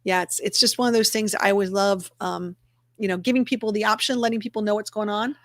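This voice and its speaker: A woman's voice: medium pitch, steady tone, fast, no echo, clean studio sound. A woman hosting a casual livestream, chatty and upbeat, talking through each click as she shares her screen. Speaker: livestream host for a dog rescue community.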